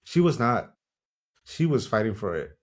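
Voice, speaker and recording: A man's voice: fairly low pitch, normal speed. A man co-hosting a podcast, chatting casually and frankly about a TV show. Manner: relaxed, agreeable, frank and salty. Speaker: podcast co-host. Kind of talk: casual chat reviewing a TV show.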